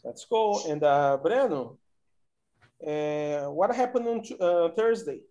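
A man teaching an online English conversation class, coaxing students along slowly with many fillers. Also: fairly high pitch, lively intonation, dark tone, dull audio.

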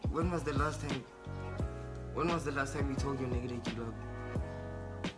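A man's voice: medium pitch, normal speed, over loud music. A young man, hosting a casual video and making a prank call, rambling with slang and fillers. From South Africa. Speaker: YouTuber host.

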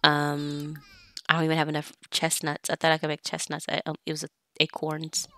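A woman's voice: low-pitched, completely flat delivery, normal speed, bright, forceful tone, dry recording. A woman giving casual, chatty gameplay commentary, talking straight to her game characters as she plays. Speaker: let's play gamer.

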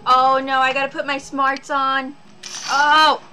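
A woman's voice: high voice, little pitch movement, slow, sharp tone, a little hiss or hum. A woman streamer reacting to a horror game, jumpy and exclaiming, talking to herself as she plays. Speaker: gaming streamer. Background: game music.

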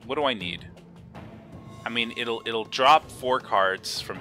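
A young man giving casual, excitable commentary on his own card game, swinging from low mutters to high yelps, laughing and swearing. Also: slow pace, music in the background. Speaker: gaming video host.

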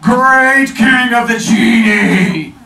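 A man voicing a grumpy, haughty giant male genie who speaks slowly and in archaic words, heard from a distant mic in a roomy space. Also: animated, gravelly, bright, forceful tone, heavily acted. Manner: booming, slow and stately, archaic speech.

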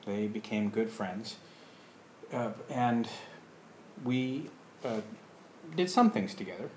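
A man telling a personal story in a casual, rambling way, full of pauses and fillers. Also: on the low side, animated, a little mellow, reverberant, a little hiss or hum, low-quality recording. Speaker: alternative practice teacher.

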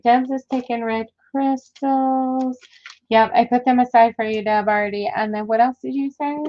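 A woman's voice: on the high side, no echo. A woman hosting a casual live sale, chatting to viewers as she unboxes jewelry and counts items aloud. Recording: dull lo-fi audio with faint noise.

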